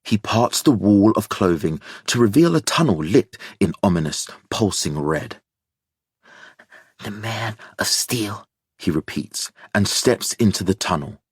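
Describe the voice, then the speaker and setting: Male audiobook narrator, measured delivery, very deep, dry studio sound. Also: animated, slightly rough, no echo.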